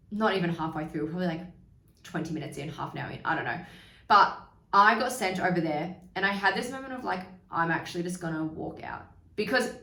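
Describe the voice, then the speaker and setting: A woman's voice: medium pitch, sharp tone, far from the mic. A young woman hosting a podcast, candidly telling a personal story in a chatty way, swearing freely and acting out the people she quotes. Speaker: podcast host. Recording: roomy, from away from the mic.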